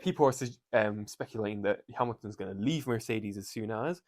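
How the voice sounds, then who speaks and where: A man's voice: fairly low pitch, a little fast, darkish tone. Jokey, swearing man. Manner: swearing, jokey, rambling recap. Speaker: podcast co-host. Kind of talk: casual chat.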